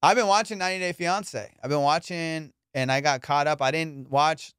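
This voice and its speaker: A man with a slightly high voice hosts a loose comedy podcast, trading crude, slangy banter. Now and then he slips into put-on voices. The recording is close and dry. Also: a little fast, a bit bright, clean tone, dry recording. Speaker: podcast host. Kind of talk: casual comedic chat.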